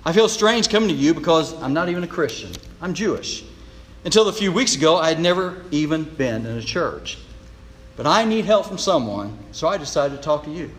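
Male preacher as a desperate male doctor, earnest and lively; long hall reverb. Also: fairly high pitch, brisk. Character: troubled male doctor seeking help, desperate.

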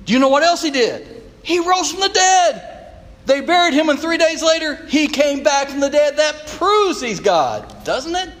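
Male preacher as a desperate male doctor, earnest and lively; long hall reverb. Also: a little high, normal speed. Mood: eager. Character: troubled male doctor seeking help, desperate.

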